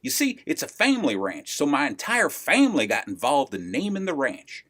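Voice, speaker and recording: A man playing a courteous old male rancher, slow and drawling in a joke. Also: fairly high pitch, huge pitch swings, fairly bright tone, exaggerated voice. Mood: folksy.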